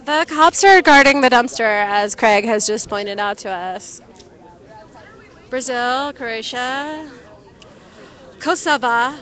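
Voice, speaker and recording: This is live street commentary from a young woman with a fairly high voice. She streams from a handheld phone at a night protest outside, talking loosely to her audience and often calling out loud.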